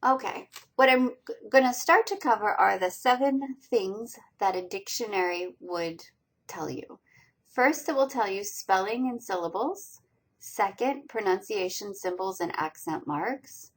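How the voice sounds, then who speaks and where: Slow, patient woman teaching a lecture. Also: mid-range voice, lively intonation, breathy edge. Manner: patient, step-by-step explaining with quiz questions to students. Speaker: college reading teacher. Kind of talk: recorded slideshow lecture.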